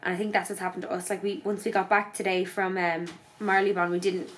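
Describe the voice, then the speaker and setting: A woman's voice: medium pitch, flat delivery, fast talker, fairly bright tone, a little hiss or hum. A woman, sounding tired, chatting casually in a vlog and telling a story full of swearing and "like". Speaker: vlogger. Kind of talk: casual chat.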